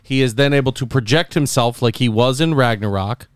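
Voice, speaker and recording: A man casually discussing a movie on a podcast, animated and acting out characters in funny voices. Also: medium pitch, brisk, clear, resonant tone, dry recording, studio quality.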